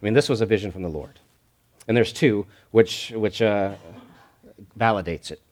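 A man's voice: fairly low pitch, normal speed. A man preaching a sermon, repeating key phrases for stress and reading scripture aloud with rising energy. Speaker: pastor.

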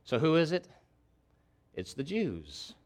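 A man's voice: on the high side, huge pitch swings, takes it slowly, a little mellow. Impassioned preacher man repeating for emphasis. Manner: impassioned preaching with emphatic repetition, voicing a prophet's pleas. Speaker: pastor. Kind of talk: sermon.

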